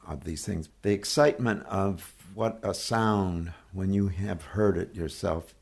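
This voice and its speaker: Older man with a very low gravelly voice. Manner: thoughtful, measured, gently dry. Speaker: guest orchestrator. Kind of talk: reflective interview talk.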